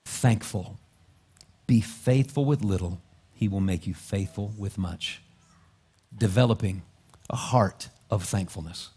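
A man's voice: lowish voice, unhurried, breathy edge. Man preaching with vivid storytelling. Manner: storytelling, acting out scenes. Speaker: pastor. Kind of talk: sermon. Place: church sanctuary. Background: soft music.

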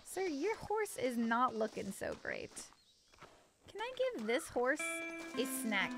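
A woman's voice: fairly high pitch, sing-song, slow pace, gravelly, a bit bright, faint music behind. A woman streamer giving playful, chatty let's play commentary to her viewers.

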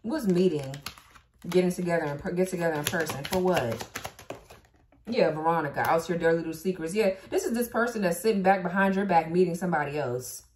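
A woman's voice: fairly low pitch, fairly quick, a little mellow, reverberant, slight background noise. A woman giving a casual tarot reading, blunt and profane, who laughs and talks back to the cards as she goes. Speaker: tarot reader.

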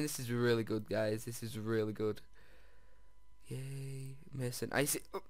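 A man giving let's-play commentary as he plays, excitable, often jumping to squeals over finds and talking straight to his viewers. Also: medium pitch, moderate pace, dry recording, studio quality. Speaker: video game player.

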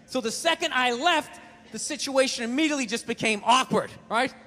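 Stand-up comic guy, high voice, animated storyteller, reverberant hall. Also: a little fast. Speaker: stand-up comedian. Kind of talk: stand-up comedy set.

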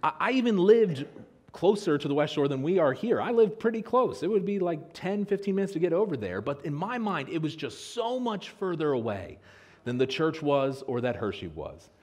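Animated American man preaching. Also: normal speed. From Pennsylvania, USA. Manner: animated storytelling with lively pitch swings. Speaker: pastor. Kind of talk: sermon. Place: church sanctuary.

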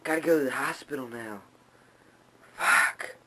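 A man's voice: medium pitch, measured pace, background noise, pitched above the performer's own voice, close to an everyday voice. A man mimicking an overdramatic male exterminator who complains and swears after a snakebite. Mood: whiny.

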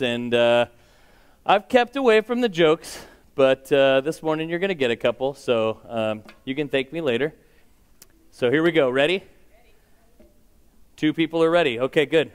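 A man's voice: mid-range voice, clear, resonant tone. A man giving church announcements in an upbeat, joking way and leading a short prayer.

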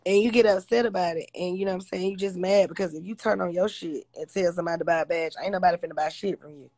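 A woman's voice: fairly low pitch, fairly even intonation, fast talker, darkish tone, dry recording. A woman hosting a casual livestream on her phone, blunt, profane and confrontational as she talks to viewers. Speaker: livestream host.

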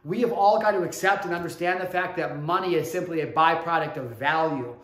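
A man in his thirties giving a motivational talk, telling a personal story with emphatic swings between hushed and loud delivery and casual swearing. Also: fairly high pitch, fairly quick. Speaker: motivational speaker. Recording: echoey room.

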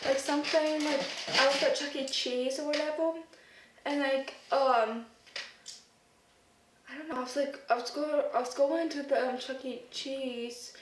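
A woman with a high, light voice chats on and on to her camera, stringing thoughts together with plenty of fillers. She sits some way off from the mic in a room at home that gives her voice a roomy echo, with a faint hiss underneath. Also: steady tone, unhurried, distant mic. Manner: rambling, chatty, many fillers. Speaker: vlogger. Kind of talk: casual chat to camera.

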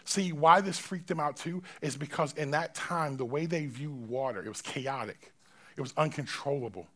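A male pastor preaching a sermon in a church, swinging between loud, forceful preaching and quiet, close talk in casual, slangy phrasing. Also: on the high side, normal speed. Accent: Southern American.

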